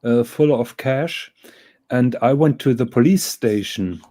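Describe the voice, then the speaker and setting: A man's voice: medium pitch, a little slow, dark tone. A man in a casual chat who speaks hesitantly, often repeating words.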